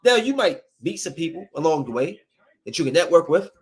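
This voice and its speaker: A man with a high-pitched voice rants on his podcast. He talks casually but keeps lecturing, scolding and preaching at his listeners in a heated way. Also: very animated, fairly quick. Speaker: podcast host. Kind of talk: opinionated casual podcast rant.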